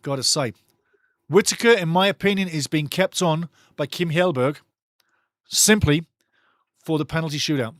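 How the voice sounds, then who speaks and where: Man, middle-aged, live football watch-along commentary, energetic, chatty, slightly high voice, dry close mic. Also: brisk, no echo. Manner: energetic, chatty, jumps between play-by-play and stories.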